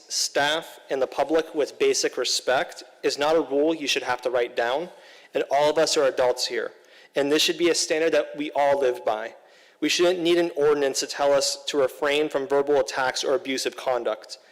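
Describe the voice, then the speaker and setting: A man's voice: a little high, steady tone. Formal male council official, reverberant hall. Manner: formal, measured. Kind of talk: prepared council remarks. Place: council chamber.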